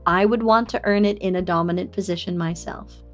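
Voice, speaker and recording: A young woman streamer telling a personal story to her chat in a candid, confiding way. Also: brisk. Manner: candid and confiding, bursts into high excited squeals at chat. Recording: faint music behind.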